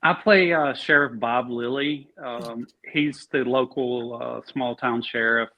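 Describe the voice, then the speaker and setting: A man's voice: medium pitch, fairly even intonation, takes it slowly. A man being interviewed as an actor, talking easily and rambling with many fillers and restarts. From Alabama. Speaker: actor guest. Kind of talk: casual interview chat. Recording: dull lo-fi sound.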